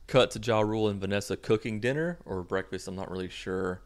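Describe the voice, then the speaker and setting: A man's voice: lowish voice, fairly quick. Sarcastic young man recapping a movie. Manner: sarcastic and mocking. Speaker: movie reviewer.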